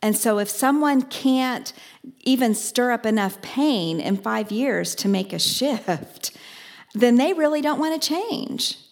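A woman's voice: fairly high pitch, takes it slowly, gravelly. A woman, working as a business life coach, giving a motivational talk and acting out dialogue from her own stories. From Oklahoma. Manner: storytelling, acts out dialogue with lively asides.

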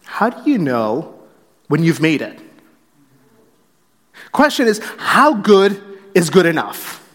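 In a church sanctuary with big-room acoustics, a pastor preaches a sermon earnestly, acting out short quotes and restarting phrases as he goes. His voice is a little high and fairly bright, with a slow, sing-song delivery.

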